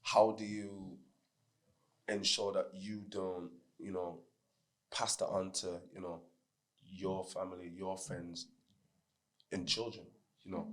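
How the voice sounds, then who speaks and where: A man's voice: low-pitched, little pitch movement, slow pace, long pauses, a bit bright. A man hosting a casual podcast, asking questions in a laid-back way and affirming the guest often. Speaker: podcast host.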